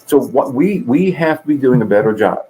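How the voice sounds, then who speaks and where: Medium-pitched and mellow, a middle-aged man talks fairly quickly and animatedly over a rough recording. He's a guest peer support coordinator in a conversational interview, earnestly telling stories and voicing their characters.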